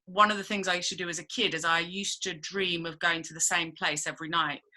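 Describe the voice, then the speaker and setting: A woman's voice: lowish voice, pushed and bright. A woman leading a dream workshop over a video call, chatty and rambling, with many fillers. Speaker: workshop leader. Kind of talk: casual workshop talk.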